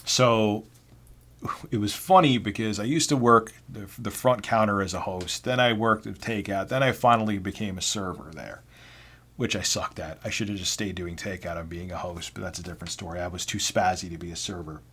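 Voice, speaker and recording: A man's voice: on the low side, fairly quick, a bit bright, breathy edge. A man telling personal work stories to camera in a casual, blunt, self-deprecating way. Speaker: vlogger. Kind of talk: casual storytelling.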